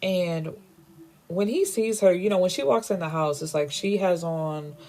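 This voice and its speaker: A woman's voice: on the low side, measured pace, darkish tone. Chatty woman recapping a book. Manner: chatty, filler-heavy, opinionated. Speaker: book reviewer.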